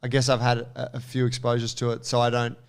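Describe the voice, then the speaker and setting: A man co-hosting a podcast, telling a story in an animated, casual way with lots of fillers and some swearing. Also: mid-range voice, fast, vocal fry, clean tone. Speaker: podcast co-host.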